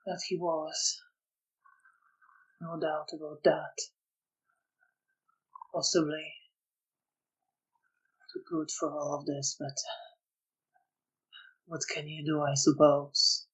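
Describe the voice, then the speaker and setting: Tired guilty guy, quiet and halting, all resigned, storyteller doing him. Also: medium pitch, little pitch movement, husky, poor audio. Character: weary man eaten up by guilt.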